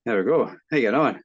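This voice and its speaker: A man's voice: medium pitch, slight background noise. A man with a Scottish accent, a guest in a casual chat, mumbling and laughing along over a video call. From Scotland. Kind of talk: casual banter. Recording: dull lo-fi call audio.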